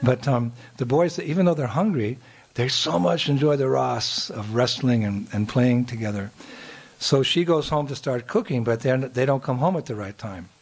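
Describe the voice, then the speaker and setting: A man's voice: mid-range voice, moderate pace. A man telling a devotional story, chuckling often and restarting his sentences. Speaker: spiritual storyteller.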